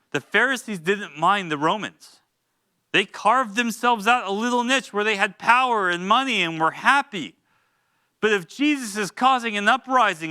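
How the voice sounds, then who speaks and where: A man's voice: high-pitched, very animated, normal speed, sharp tone, clean tone, dry recording, clean studio sound. A man teaching a Bible study in a church, reading scripture and urging listeners with earnest, informal asides. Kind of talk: expository Bible teaching with exhortation.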